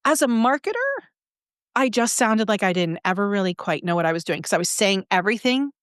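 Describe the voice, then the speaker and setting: A middle-aged woman who coaches on brand voice, talking in a lively, conversational way as a podcast guest. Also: medium pitch, fairly quick, clean tone, dry recording, studio quality. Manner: animated, acts out examples in shifting voices.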